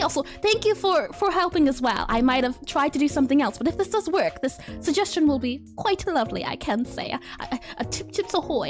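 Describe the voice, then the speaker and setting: A chatty woman streaming her game development, with a very high, lively voice that bounces around. She reads chat aloud, spells out words letter by letter and laughs often. Faint music plays under her talk. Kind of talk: casual live-stream chat.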